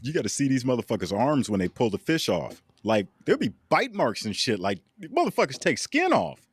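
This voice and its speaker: Joking man with a very animated voice. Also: mid-range voice, fairly quick, slightly rough, no room sound. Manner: joking, profane. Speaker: podcast co-host. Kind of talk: loose casual chat.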